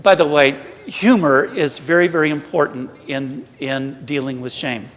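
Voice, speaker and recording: Southern American priest preaching with humor. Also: male voice, fairly high pitch, moderate pace, a bit bright. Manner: humorous, self-deprecating preaching. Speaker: priest giving a retreat talk. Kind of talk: conversational sermon. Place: church. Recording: long church hall reverb.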